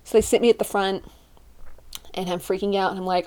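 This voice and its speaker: A young woman telling a personal story in a casual, animated way, acting out what she and her friends said. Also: medium pitch, a little fast. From living in Utah. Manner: animated, acts out her friends and herself in quoted voices.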